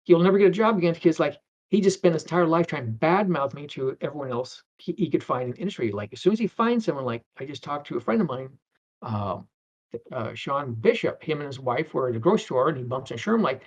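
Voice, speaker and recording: A man's voice: on the high side, lively intonation, quick pace. A middle-aged man, a guest on an interview, telling anecdotes in a rambling way with many restarts and acted-out voices. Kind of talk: anecdotal storytelling. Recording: dull lo-fi sound.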